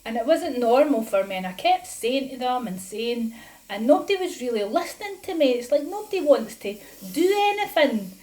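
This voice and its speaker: In a personal vlog, a woman with a high, lively voice speaks to camera at normal speed, her tone slightly mellow over a rough recording. A patient sharing her health story, she's indignant and emphatic, quotes her exchanges, and sounds a little breathless from lung disease.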